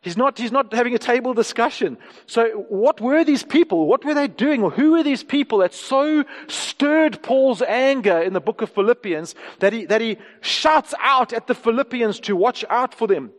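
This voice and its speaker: Man, pastor, sermon, high voice, emphatic, repeats himself, long hall reverb. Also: lively intonation, normal speed, hardly any pauses. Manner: emphatic, repeats words, rises in pitch for stress.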